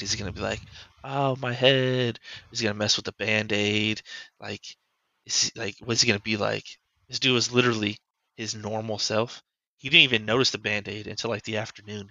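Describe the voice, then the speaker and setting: A podcast host with a fairly low, gravelly voice and a sharp tone shares a personal story about fatherhood. He rambles loosely and leans heavily on "like" in this casual storytelling chat, captured in a low-quality recording.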